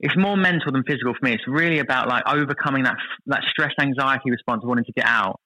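A man in his thirties telling lively stories as a podcast guest, acting out what others said. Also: mid-range voice, fast talker, poor audio. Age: 30s. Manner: lively anecdotal storytelling, voices others in quotes. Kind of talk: casual podcast chat.

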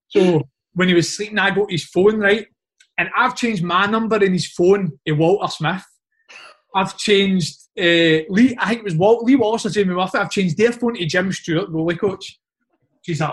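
A Scottish man in his thirties, a former footballer, casually telling animated anecdotes full of "mate" and "like". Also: sits high, fairly quick. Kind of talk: casual storytelling chat.

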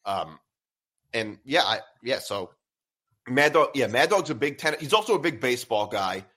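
A young man co-hosting a sports podcast, easygoing and a bit halting as he talks. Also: mid-range voice, sing-song, sharp tone. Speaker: podcast co-host. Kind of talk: casual chat.

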